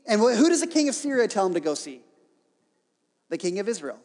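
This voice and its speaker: Preacher guy, high voice, lively storytelling with jokes thrown in, long echo like a big hall. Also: a little fast. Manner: lively storytelling with joking asides. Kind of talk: sermon. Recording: reverberant hall.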